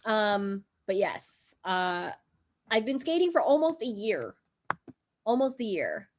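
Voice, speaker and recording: A woman's voice: medium pitch, big pitch swings, slow. A woman hosting a casual live cooking stream from home, chatty and giggly with lots of fillers. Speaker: livestream cooking host. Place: home in Brooklyn.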